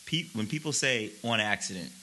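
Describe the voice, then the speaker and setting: Lively joking man, low voice. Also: brisk, slight background noise, poor audio. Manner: blunt, profane, joking. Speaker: podcast co-host. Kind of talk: casual chat.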